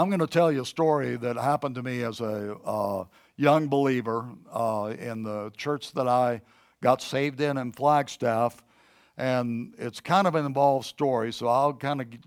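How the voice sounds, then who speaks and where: A middle-aged man preaching a sermon, teaching and then telling a personal story in a conversational way, with many fillers and restarts. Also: mid-range voice.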